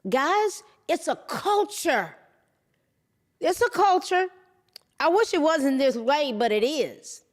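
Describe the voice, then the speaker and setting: A middle-aged woman hosting a podcast, delivering an emphatic opinion monologue that repeats its points and keeps addressing the listeners as "guys". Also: high-pitched. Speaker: podcast host.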